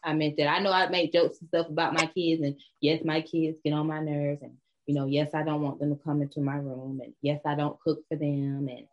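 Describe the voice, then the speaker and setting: A woman's voice: low voice, little pitch movement, a little fast, hardly any pauses, a little mellow. Blunt, profane woman chatting, lo-fi sound. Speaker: podcast co-host. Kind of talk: casual chat. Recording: dull lo-fi sound.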